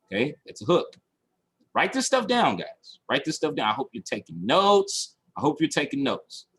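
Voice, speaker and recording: A man coaching a training session over a video call, animated and repeating his points for emphasis. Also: a little high, normal speed, breathy edge. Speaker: marketing coach. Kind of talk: recorded online training session.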